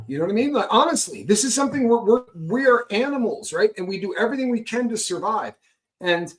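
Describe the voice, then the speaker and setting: A middle-aged man talking frankly about recovery, emphatic and prone to tagging points with "right?". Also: high voice. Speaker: guest speaker on recovery. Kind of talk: candid conversational talk.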